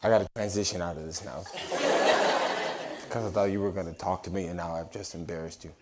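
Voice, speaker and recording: A man doing stand-up crowd work on a comedy club stage, brash, swinging from shouts to mumbled asides. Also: low-pitched, fairly even intonation, quick pace, very noisy.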